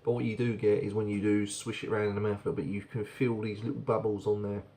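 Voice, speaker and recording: A man's voice: fairly low pitch, level tone, quick pace, dark tone, slight background noise. A man casually reviewing a beer on camera, chatty and rambling, often repeating words as he goes.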